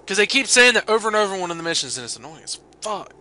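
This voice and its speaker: Young man, let's play commentary, loud profane outbursts, very bright sharp voice, wildly lively pitch. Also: very fast. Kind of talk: gaming commentary.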